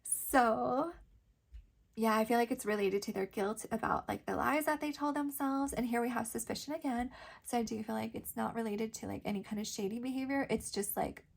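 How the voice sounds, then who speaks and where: A woman's voice: on the high side, steady tone, normal speed, creaky. Chatty woman giving a tarot reading. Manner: chatty, giggly, filler-heavy. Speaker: tarot reader.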